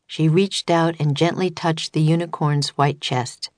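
A woman reading a children's storybook as an audiobook, in calm, even narration. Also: sits low, unhurried, no echo. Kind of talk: scripted narration.

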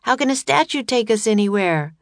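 A woman's voice: fairly high pitch, expressive, brisk, no echo, studio quality, voice pushed up. A woman voicing an anxious, earnest young boy in a storybook reading, calling out in worry. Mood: urgent. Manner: urgent, worried exclamations. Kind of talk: audiobook character voice.

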